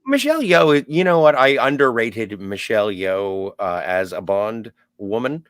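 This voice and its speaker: A man on a podcast jumps in with emphatic takes on the movie, his pitch swinging up and down as he gets excited. His voice sits mid-range for a man, and the recording is dry and close. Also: measured pace, dry recording. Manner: animated, emphatic reactions. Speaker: podcast co-host. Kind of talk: casual podcast discussion.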